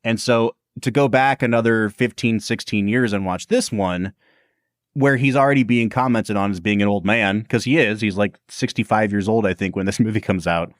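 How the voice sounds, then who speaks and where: A man co-hosting a casual film review podcast, animated and quick to laugh. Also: on the low side, dry recording, studio quality. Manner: animated, laughs often, puts on quoted voices. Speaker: podcast co-host.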